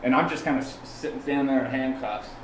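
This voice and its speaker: A man from California, a podcast guest, telling a story in a casual, animated way, often restarting and acting out the people he quotes. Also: mid-range voice, fast talker, a little hiss or hum. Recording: roomy sound from a distant mic, faint ambience.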